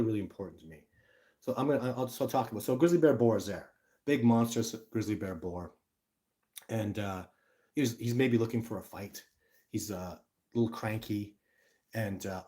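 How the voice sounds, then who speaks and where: A middle-aged man talks to his viewers straight into a phone camera. His voice sits a little low, and he rambles with lots of energy, often cutting himself off and starting again. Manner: energetic, rambling, self-interrupting. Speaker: livestream host, Sasquatch researcher. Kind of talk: casual livestream talk to viewers.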